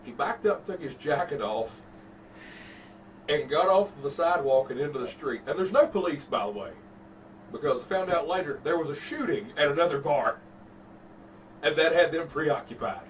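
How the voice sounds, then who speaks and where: A man with a drawl tells a story in a relaxed, foul-mouthed way. He sits well back from the microphone. A steady background noise runs under his voice. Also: fairly high pitch, moderate pace. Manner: laid-back, profane storytelling. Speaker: podcast host telling a story. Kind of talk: casual chat. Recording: distant mic with background noise.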